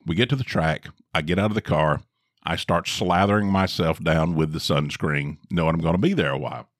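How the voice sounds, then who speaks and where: A middle-aged man co-hosting a podcast, telling a story in a dry, drawn-out way with wry emphasis. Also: very deep voice, no room sound. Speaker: podcast co-host. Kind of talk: casual storytelling chat.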